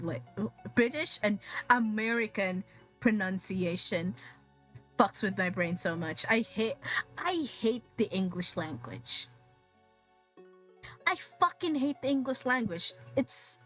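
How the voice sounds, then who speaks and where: Slow, high-voiced woman streamer swearing casually. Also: a bit bright. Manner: rambling, swears a lot, laughs often. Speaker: VTuber streamer.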